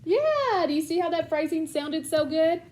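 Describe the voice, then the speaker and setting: A woman's voice: very high-pitched, level tone, brisk, warm tone. A woman tutoring a child in reading, patient and encouraging, with bursts of praise. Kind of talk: one-on-one reading lesson with a child.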